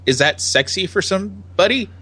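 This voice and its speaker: A man's voice: sits high, expressive, moderate pace, pushed and bright, husky. A man co-hosting a podcast, asking curious questions in a casual chat and laughing often. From United States. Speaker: podcast co-host.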